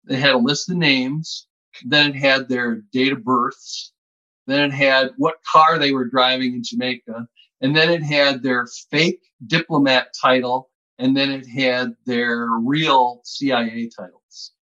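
A man talks through his stories in a relaxed, chatty way and breaks into laughs along the way. His voice is bright and forceful. The recording is dull and lo-fi. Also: medium pitch, unhurried. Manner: chatty, laughs often while telling stories. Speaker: author and guest. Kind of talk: casual storytelling in an interview. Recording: dull lo-fi sound.

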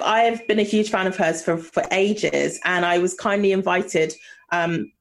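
A young woman from the UK, a podcast guest and author, telling emotional stories with lots of laughter. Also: medium pitch. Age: young adult. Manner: gushing, laughs often, emotional storytelling. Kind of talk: candid interview chat.

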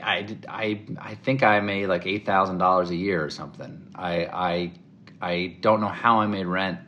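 A middle-aged man from the American South, a guest in an interview, telling animated stories and acting out the voices he quotes. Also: low-pitched, moderate pace, muffled recording, slight background noise. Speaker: interview guest, comedic actor. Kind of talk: casual interview storytelling.

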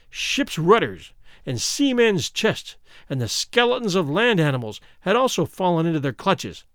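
A man reading a fairy tale aloud in an expressive storytelling style, slowing down for dramatic moments. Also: sits high, no room sound, clean studio sound. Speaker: narrator.

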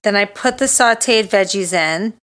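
A woman co-hosting a casual podcast, blunt and teasing, quick to call things gross. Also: mid-range voice, fairly bright tone. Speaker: podcast co-host. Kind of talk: casual chat.

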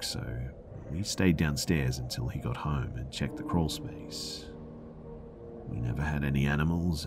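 A man reading a scary first-person story aloud in a hushed, measured way, sometimes dropping to a whisper. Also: extremely low pitch, noisy background. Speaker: story narrator.

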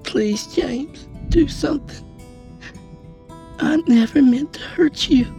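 A man's voice: very high voice, takes it slowly, vocal fry, mellow, soft background music, pitched above the performer's own voice, full character voice. A man voicing a wounded young woman who pleads desperately for help. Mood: pleading. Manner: begging, desperate.

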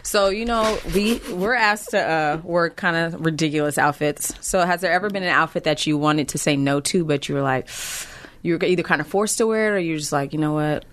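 A woman co-hosting a casual interview chat, asking relaxed questions and adding supportive affirmations. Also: low-pitched, a little fast.

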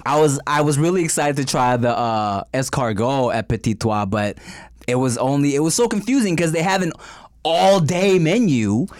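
A man's voice: a little high, lively intonation, moderate pace, a little mellow, dry recording, studio quality. A man co-hosting a podcast, chatting casually and crudely, joking and slipping into mock accents. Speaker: podcast co-host.

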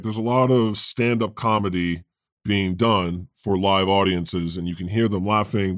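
A man's voice: lowish voice, no echo, clean studio sound. A man hosting a comedy podcast in character as God, chatting with jokey, wry asides. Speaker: podcast host playing God.

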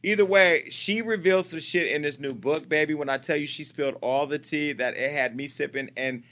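A man hosting a gossip show with a brash, profane delivery. His voice sits a little high and has a sharp, forceful edge. He talks in a casual, teasing way, as if chatting with people in the room. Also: fairly quick. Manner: brash, profane and teasing, talking to off-camera staff. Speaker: host of a celebrity gossip show.

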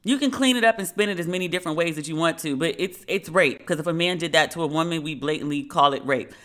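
A woman's voice: low-pitched, quick pace, fairly bright tone. A woman giving a casual, candid review monologue, talking bluntly in slang with many asides. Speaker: vlogger reviewing a TV series.

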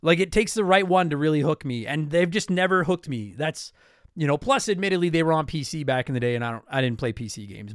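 A man from Canada with a high voice that swings widely in pitch, talking casually on a podcast. He rambles, restarts his sentences and keeps apologizing. The sound is dry and close. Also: a bit bright, no echo. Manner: rambling, self-interrupting, apologetic. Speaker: podcast host answering listener mail.

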